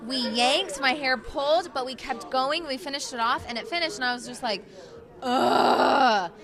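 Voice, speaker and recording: A young woman, a professional dancer, telling an animated story as an interview guest, laughing as she talks. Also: high voice, fairly quick. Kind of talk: excited storytelling. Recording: clear crowd chatter behind.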